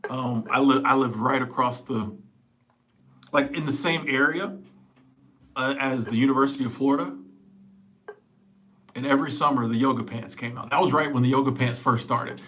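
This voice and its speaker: This middle-aged livestream host speaks at normal speed in a medium-pitched, slightly bright voice, pausing often. Talking casually at home into a small clip-on wireless mic, he reads viewer comments, laughs frequently, and trips over repeated words.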